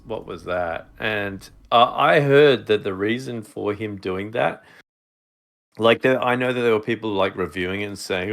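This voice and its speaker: A man's voice: fairly low pitch, vocal fry, a bit bright. A man co-hosting a podcast in casual chat, rambling with many fillers and restarts. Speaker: podcast co-host.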